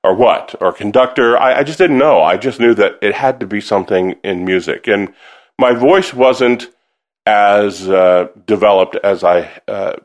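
A man who sings, telling stories about his musical upbringing in a casual interview, animated and quick to laugh, acting out the voices he quotes. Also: on the low side. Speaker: singer and musician, interview guest.

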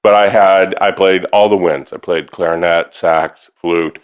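A singer and musician, a guest in a casual interview, tells stories about growing up with music. He's animated, quick to laugh, and acts out the voices he quotes. His voice sits low, and the highs are cut off.

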